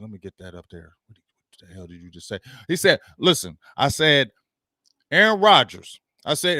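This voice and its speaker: Heated, bright-voiced man ranting. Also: high-pitched, dry recording, clean studio sound. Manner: heated, mocking, barking dog noises, slangy. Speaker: show host. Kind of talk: animated sports rant.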